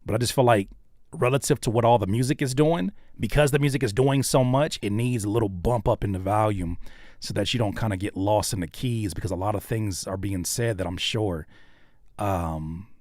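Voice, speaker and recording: Animated man giving live music feedback. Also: lowish voice, no room sound, studio quality. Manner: animated, joking, swings from hushed to loud. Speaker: host reacting to viewer music. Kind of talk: live-stream casual commentary.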